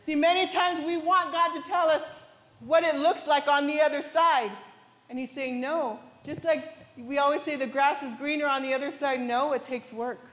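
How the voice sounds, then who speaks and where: A woman pastor preaching a sermon with passion, at times rising to shouts. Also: high-pitched, steady tone, normal speed. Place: large church hall. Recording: echoey church hall with long reverb.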